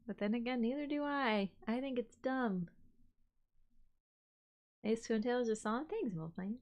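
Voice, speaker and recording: A woman streamer chatting casually to her viewers and cooing to her cat in soft, doting baby talk. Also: a little high, a little slow, muffled recording. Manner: coos and baby-talks to her cat, drifting between soft and bright. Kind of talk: casual livestream chat.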